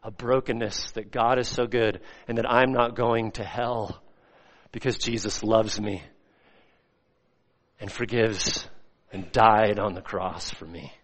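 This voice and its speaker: A male pastor preaching a sermon, swinging between loud, rising emphasis and soft, hushed lines. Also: lowish voice, fairly even intonation, slow, pauses often. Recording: long hall reverb.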